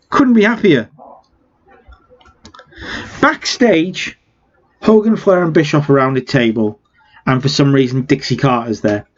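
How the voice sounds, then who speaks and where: A man's voice: sits high, lo-fi sound. A man casually recapping a wrestling management game, chatty with wry asides. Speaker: game let's-player.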